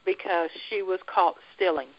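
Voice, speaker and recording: A woman from the United States, a guest telling a personal faith testimony in a lively way, laughing often and acting out the dialogue she quotes. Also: fairly low pitch, normal speed, muffled recording.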